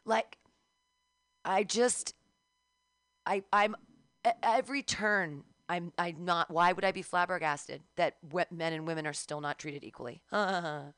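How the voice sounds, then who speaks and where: A woman's voice: on the low side, measured pace, fairly bright tone, no echo. Profane ranting woman, dry close sound. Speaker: podcast co-host. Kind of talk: frank casual chat.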